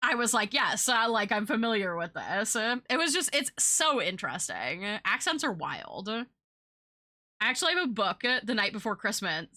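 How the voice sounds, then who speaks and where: Young woman, streamer, rambling casual chat, fairly high voice, very bright tone. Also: sing-song, moderate pace. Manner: rambling, chatty, swears casually.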